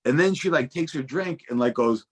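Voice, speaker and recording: A man's voice: mid-range voice, expressive, moderate pace, breathy edge. A young adult man telling casual stories as a guest, swearing freely and stumbling through restarts. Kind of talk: casual storytelling.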